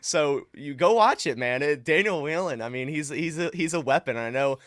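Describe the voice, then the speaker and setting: A man talking football casually as a guest fan on a podcast, animated and full of restarts. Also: on the high side, brisk, no echo, studio quality. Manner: animated, lots of restarts and fillers. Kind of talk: casual sports podcast chat.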